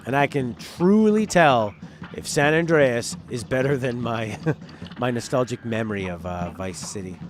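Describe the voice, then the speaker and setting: A man's voice: mid-range voice, lively intonation, measured pace, noisy background. A man streaming a video game, rambling through casual commentary with joking asides. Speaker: gaming streamer. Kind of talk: casual live gameplay commentary.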